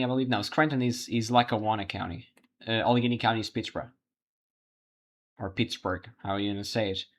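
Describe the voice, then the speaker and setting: A man hosting a livestream, giving live election results commentary while thinking aloud, halting with frequent restarts. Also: mid-range voice, a bit bright. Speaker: livestream host.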